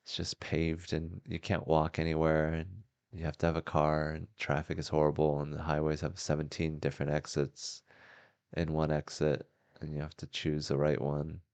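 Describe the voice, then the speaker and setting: A man's voice: very deep voice, completely flat delivery, normal speed, darkish tone, smooth, no echo. A man hosting a casual podcast chat from a house, laid-back and wry, swearing freely. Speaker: podcast host.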